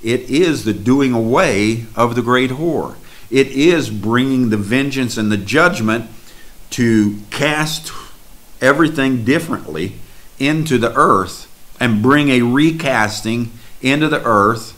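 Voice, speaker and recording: A man preaching a slow, drawn-out sermon, reading scripture aloud and expounding on it. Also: mid-range voice, fairly bright tone.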